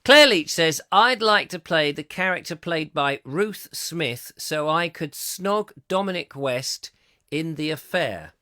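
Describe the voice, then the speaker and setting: A man hosting a live chat show, reading out viewer comments with jokey, mock-indignant asides, his throat going a little hoarse. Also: fairly high pitch, animated, takes it slowly, pushed and bright, no echo, studio quality. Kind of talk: casual ranty live-stream chat.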